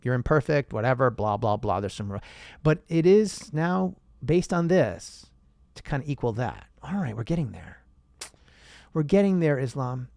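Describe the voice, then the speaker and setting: An animated man delivering a rhetorical monologue straight to his viewers, his pitch swinging widely. The sound is dry and close. He throws in an occasional curse word. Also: normal speed, creaky, no room sound. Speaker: host. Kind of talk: casual monologue.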